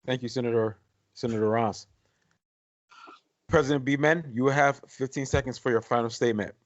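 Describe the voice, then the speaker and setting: A man's voice: medium pitch, moderate pace. A man moderating a mock debate, formally repeating thanks and keeping time, recorded on dull lo-fi audio. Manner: formal, repetitive, trying to keep order.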